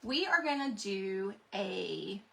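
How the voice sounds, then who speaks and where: A woman hosting a live craft stream, chatting casually to her viewers and thinking out loud as she paints. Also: medium pitch, very animated, slow, creaky. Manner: rambling, talks to viewers directly. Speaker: craft livestream host.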